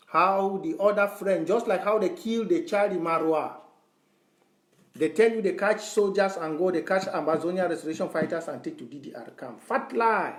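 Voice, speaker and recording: A man delivers a fervent, repetitive address, hammering his points like a lecture. His voice sits high for a man. The room around him rings with a roomy echo. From Southern Cameroons. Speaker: online activist. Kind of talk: impassioned address to followers.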